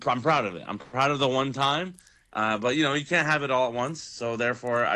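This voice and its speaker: A young man from Toronto, a comedian guest, talking in a relaxed, rambling way on radio. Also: fairly low pitch. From Toronto, Canada. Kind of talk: casual radio interview.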